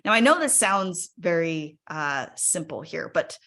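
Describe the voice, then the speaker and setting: Woman webinar speaker, slightly low voice, chatty and encouraging, lots of "right?" and "like". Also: expressive, a little slow, bright, forceful tone. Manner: encouraging, invites audience to use the chat. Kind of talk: casual live webinar talk.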